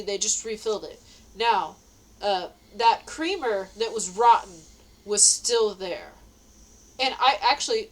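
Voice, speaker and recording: A woman's voice: medium pitch, low-quality recording. A tired woman telling a story in a casual monologue, laughing often and repeating herself.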